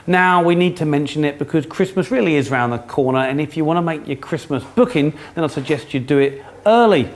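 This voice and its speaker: Upbeat male co-host, a touch high, casual and jokey. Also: expressive, fairly quick, few pauses. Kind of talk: casual chat.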